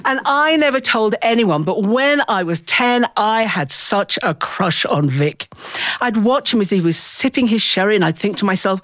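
Woman storyteller, animated delivery, slightly high voice, dry close sound, acts out the voices. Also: normal speed, dry recording. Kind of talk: personal storytelling.

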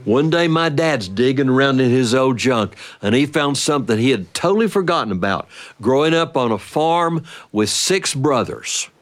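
Lively male storyteller. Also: mid-range voice, normal speed. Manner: lively, animated, playful. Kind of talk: oral storytelling to children.

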